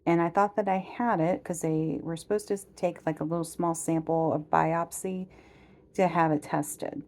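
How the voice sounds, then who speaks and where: A woman's voice: low voice, fairly even intonation, normal speed, a little mellow. A woman in her forties chatting casually in a personal vlog, rambling with many fillers and laughing at herself as she tells stories. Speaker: vlogger.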